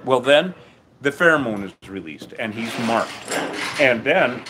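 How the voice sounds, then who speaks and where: A man who runs a bee removal business, livestreaming from a busy town street in a profane, rambling, excitable way. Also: medium pitch, a little slow. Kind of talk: casual livestream narration on site. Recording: noisy outdoor street recording.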